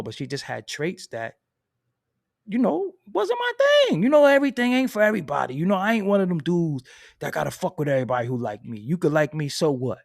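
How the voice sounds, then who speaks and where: A man's voice: sits high, gravelly, no echo, clean studio sound. A man telling a story in a casual, profane and emphatic way, laughing between lines.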